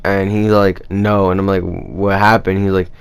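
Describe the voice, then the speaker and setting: A man's voice: low-pitched, normal speed, clear, resonant tone. Young man rambling through a story. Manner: rambling, animated retelling with many fillers. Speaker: vlogger. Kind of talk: casual storytelling.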